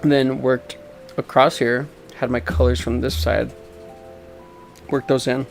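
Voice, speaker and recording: A man with a gravelly, creaky voice chats casually as he draws, mocking himself and laughing often. He takes his time, speaking at an unhurried pace, and soft music plays in the background. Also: medium pitch, little pitch movement. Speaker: artist and video host. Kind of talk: casual chat while drawing.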